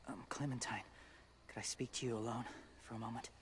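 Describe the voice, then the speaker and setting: A man voicing a hesitant, quiet game character. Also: medium pitch, steady tone, brisk, natural voice. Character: quiet, hesitant man disguised among the dead. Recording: quiet game audio with ambient noise.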